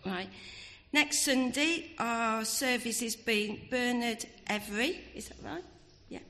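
A woman's voice: on the high side, slow pace, bright, forceful tone. A woman reading the church notices to the congregation in an informal way, stumbling over names. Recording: reverberant church hall.

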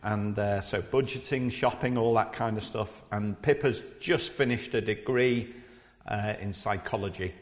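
A middle-aged visiting preacher from Liverpool, England, with a Scouse accent, speaks low and unhurriedly to a church congregation. He chats with many hesitations before reading scripture, and the church hall is reverberant.

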